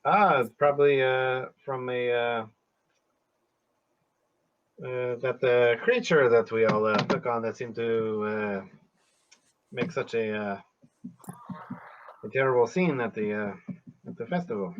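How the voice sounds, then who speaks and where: A man's voice: medium pitch, a little slow, pauses often, close to an everyday voice. Man playing a proud male adventurer who guards his quest; defiant, occasionally swears, muffled mic. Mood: hesitant. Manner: defiant, curses, many filler ums. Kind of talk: in-character tabletop role-play.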